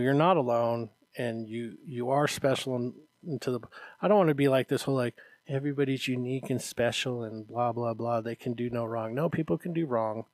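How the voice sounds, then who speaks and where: A man's voice: mid-range voice, a little mellow, no echo. Earnest male podcast host, dry close mic. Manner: earnest and encouraging, acts out parents' voices, often adds "Okay?". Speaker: martial arts instructor and podcast co-host. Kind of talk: casual podcast chat.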